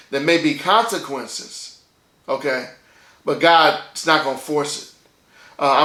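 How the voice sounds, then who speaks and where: A man's voice: on the high side, pushed and bright, reverberant. A man delivering a sermon as pastor, in a conversational style, checking in with his listeners by asking "okay?" again and again.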